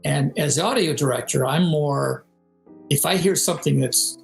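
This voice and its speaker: A man's voice: on the high side, moderate pace, gravelly, faint music behind, poor audio. An older man, a game composer and audio director, talking casually in an interview. He tells stories with energy, sings melodies and imitates voices. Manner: animated storyteller, sings melodies and mimics voices. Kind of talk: casual interview over video call.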